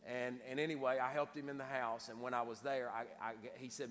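Preacher, man, quick sermon storytelling with stammered restarts, echoing church sanctuary. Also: mid-range voice, little pitch movement, a bit bright. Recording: reverberant hall with faint noise.

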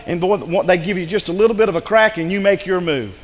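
A man's voice: high-pitched, fast talker, few pauses, big-room sound, poor audio. A male pastor, preaching a sermon emphatically and acting out the voices of the people he quotes. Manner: emphatic, acts out quoted speakers. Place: church sanctuary.

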